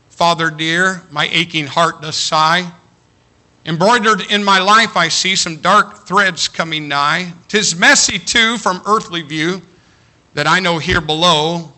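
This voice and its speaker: A man preaching a sermon in a bright, sharp, forceful voice that sits fairly high for a man. He talks earnestly to his congregation and recites verse, swelling up in fervent peaks before dropping back to a quieter, confiding tone.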